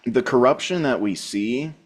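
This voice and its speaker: A man speaking calmly and reflectively as a co-host in a casual spiritual podcast conversation. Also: medium pitch. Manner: calm, measured, reflective.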